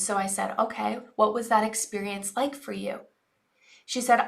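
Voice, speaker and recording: Woman in her forties, earnest coach, personal storytelling, bright tone. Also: medium pitch, fairly even intonation, normal speed, gravelly. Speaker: online business coach.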